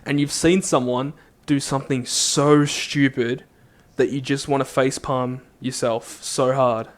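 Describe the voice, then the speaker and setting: A young man, a co-host, telling an animated story in casual chat. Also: mid-range voice. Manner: animated storyteller, does quick voices in quotes. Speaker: podcast co-host.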